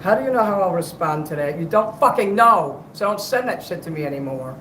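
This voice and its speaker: In an echoey room with slight background noise and low audio quality, a man livestreams, chatting between karaoke songs. His high voice comes out animated, brisk, bright and forceful, yet strained and worn as he rambles and curses.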